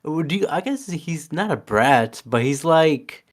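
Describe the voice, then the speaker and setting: This man co-hosts a casual podcast about a movie. His voice sits slightly high and his delivery is slow and unhurried. He mostly chimes in with easygoing agreement. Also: lively intonation. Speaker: podcast co-host. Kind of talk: casual movie rewatch chat.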